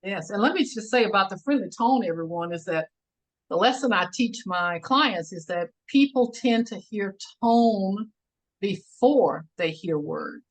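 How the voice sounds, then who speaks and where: A woman trainer talks on a webinar over a video call. She speaks in an emphatic, encouraging way, like a teacher. Her voice sits at a middle pitch for a woman. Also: lively intonation, measured pace, poor audio. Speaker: communication trainer. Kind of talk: webinar discussion.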